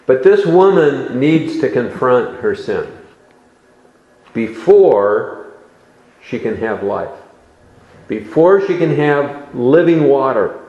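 A man preaching a sermon in a slow, deliberate expository style, recorded in a church sanctuary. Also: mid-range voice, sing-song, a little mellow, reverberant, dull audio.

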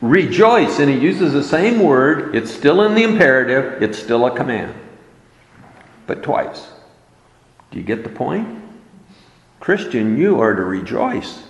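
A man's voice: medium pitch, big pitch swings, moderate pace, reverberant, in a large hall, low-quality recording. A man preaching a sermon, emphatic and repeating his key words for weight.

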